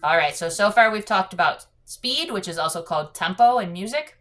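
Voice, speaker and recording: A woman's voice: mid-range voice, animated, fairly quick, fairly bright tone. A woman teaching a piano lesson, explaining patiently and singing out counts while she plays. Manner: patient, demonstrates with sung counts. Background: piano playing.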